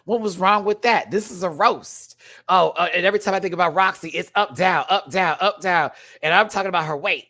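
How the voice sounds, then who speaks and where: A man reviewing a drag competition show in a casual, campy rant, laughing often and swinging between loud outbursts and quiet asides. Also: normal speed. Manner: big jumps in pitch and loudness. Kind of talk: casual commentary.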